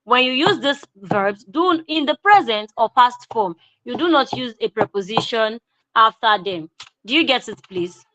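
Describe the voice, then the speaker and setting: Bright-voiced Nigerian woman teaching grammar. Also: on the high side, lively intonation, lo-fi sound. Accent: Nigerian English. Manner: repeats key phrases slowly for emphasis. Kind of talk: online grammar lesson.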